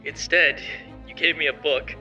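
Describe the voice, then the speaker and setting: A man's voice: fairly high pitch, steady tone, moderate pace, sharp tone, highs cut off, soft background music. A young man voicing an arrogant male motivational streamer who speaks in a sarcastic, defiant, confrontational way in an amateur story drama.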